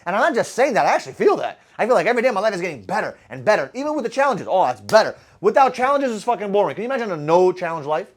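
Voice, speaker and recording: A man with a high voice gives a motivational sales talk to a room of listeners. He talks fast, swears freely and keeps throwing rhetorical questions at the crowd. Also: big pitch swings. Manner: blunt and profane, firing rhetorical questions at the audience. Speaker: sales coach. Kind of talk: motivational talk to a live group.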